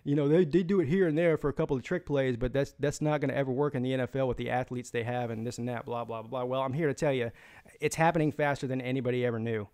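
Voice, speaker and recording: A man's voice: mid-range voice, steady tone, fast, a little mellow, clear, resonant tone. A man hosting a live sports stream, rambling through opinions and reading out viewer comments, with frequent restarts and fillers. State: has the hiccups. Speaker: sports channel host.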